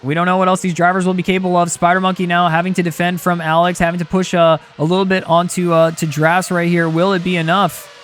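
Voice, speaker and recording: A young man commentating a sim racing league race live, excitable and quick to shout at close battles. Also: high voice, a little hiss or hum.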